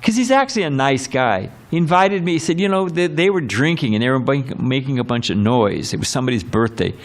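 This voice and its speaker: A man's voice: medium pitch, expressive, brisk. Rambling, chatty male preacher. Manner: rambling and conversational, many fillers and quoted voices. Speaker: swami giving a scripture class. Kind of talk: temple sermon lecture. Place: temple hall.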